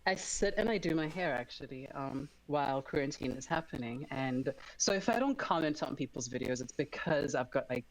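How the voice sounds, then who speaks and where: A man's voice: medium pitch, fairly quick, few pauses, rough recording. A man, a guest on a live stream, chatting casually and animatedly while showing how he does his hair. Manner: animated, laughing storyteller. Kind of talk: casual chat.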